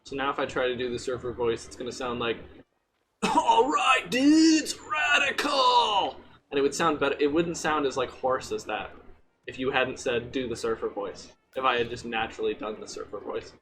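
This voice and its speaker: A man's voice: medium pitch, fairly even intonation, quick pace, a bit bright, slight background noise, rough recording. Wry joking man narrating his gameplay. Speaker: gaming streamer. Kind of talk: casual gameplay commentary.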